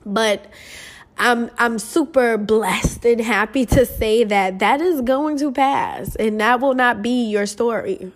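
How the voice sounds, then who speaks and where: A woman's voice: a little high, slow pace. A young woman hosting her own podcast, talking straight to listeners in an earnest, emotional, casual way, swearing freely and calling them "you guys". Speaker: podcast host. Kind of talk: motivational casual podcast monologue.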